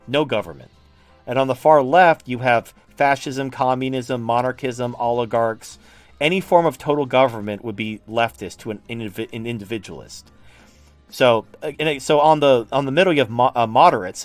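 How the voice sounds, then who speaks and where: A man's voice: medium pitch, no room sound. A man from the United States explaining political charts in a casual, blunt and profane way. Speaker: political commentator. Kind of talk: casual explanatory talk over a shared chart.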